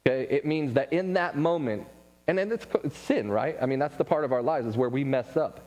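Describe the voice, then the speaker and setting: A man giving a casual church class talk, telling stories with quick asides and laughs. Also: mid-range voice, a little mellow. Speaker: Bible class teacher. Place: church room. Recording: long hall reverb.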